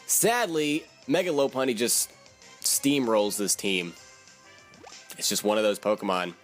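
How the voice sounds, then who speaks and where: A man's voice: medium pitch, a bit bright. A man casually commentating his own game battle, thinking aloud and joking at himself.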